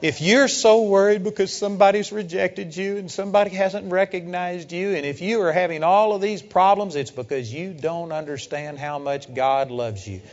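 A man preaching a sermon, emphatic, building up to loud rhetorical questions. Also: high voice, moderate pace, hardly any pauses. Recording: dull lo-fi sound with long hall reverb.

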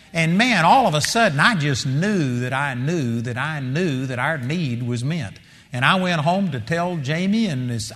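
A middle-aged man preaching a sermon, moving between hushed storytelling and loud, impassioned exhortation. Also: on the high side. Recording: long hall reverb.

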